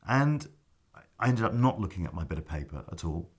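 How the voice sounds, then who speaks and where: Husky, low-voiced man telling stories. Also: a little fast. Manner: animated anecdote-telling, acts out his own past lines. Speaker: actor guest. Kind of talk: storytelling in casual chat.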